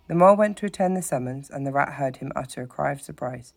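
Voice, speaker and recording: A teacher reading a children's story aloud in a steady, expressive narrating voice, with occasional slips. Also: mid-range voice, fast, vocal fry.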